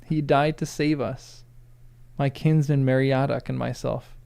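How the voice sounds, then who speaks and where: A man reading a proud young male hobbit's lines aloud in his own gravelly voice, with stumbles and restarts. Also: medium pitch, steady tone, a little slow, warm tone. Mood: solemn.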